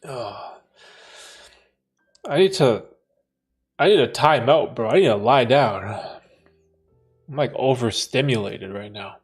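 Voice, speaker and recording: Male livestream host at a mid-range pitch, easygoing slangy banter, reading chat aloud, music faint underneath. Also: animated, measured pace, pauses often, breathy edge. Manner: laid-back slangy banter, frequent laughter.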